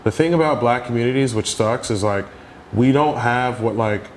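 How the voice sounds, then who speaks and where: A young man telling stories in a casual interview, animated and full of "like" fillers. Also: mid-range voice, normal speed, a little hiss or hum. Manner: animated storyteller, heavy "like" fillers. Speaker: podcast guest.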